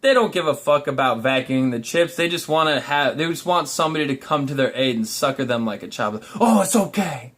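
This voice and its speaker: A man's voice: medium pitch, fairly quick, hardly any pauses, a bit bright. A young man vlogging in a blunt, profane, rambling monologue. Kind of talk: casual ranting monologue.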